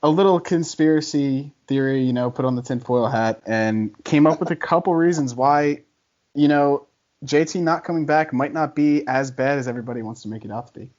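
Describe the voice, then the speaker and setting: A man in a casual podcast debate, talking loosely and laughing often as he builds his case. His voice sits at an ordinary middle pitch. The recording is dull and lo-fi, like a cheap home microphone. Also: a little fast, a little mellow. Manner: chatty, laughs often, argumentative.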